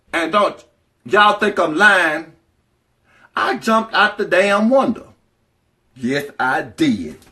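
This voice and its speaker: A woman telling a personal story in a casual vlog, animated and profane, talking straight to her viewers. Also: medium pitch.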